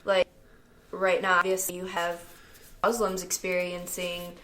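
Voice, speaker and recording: A woman's voice: lowish voice, monotone, unhurried, a crowd in the background. A young adult woman co-hosting a casual talk podcast, speaking frankly and chattily, with lots of "like" and "I mean". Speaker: co-host.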